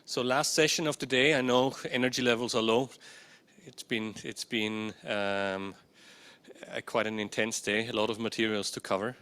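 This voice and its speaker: A man with a lowish, steady, slightly bright and smooth voice speaks at normal speed into a handheld or stand microphone indoors while presenting a conference workshop session. He's hesitant, uses many fillers, and keeps checking in with the audience.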